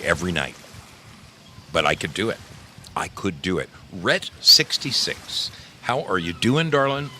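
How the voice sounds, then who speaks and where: A man with a low-pitched, sharp-toned voice hosts a casual livestream, with a little hiss or hum in the audio. He greets chat viewers one by one, playful and effusive, calling them darling.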